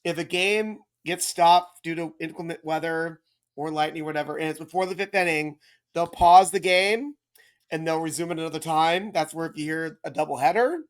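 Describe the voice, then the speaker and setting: A man's voice: a little high, normal speed. Man, casual guest explainer, rambling and self-correcting, checks that listeners follow.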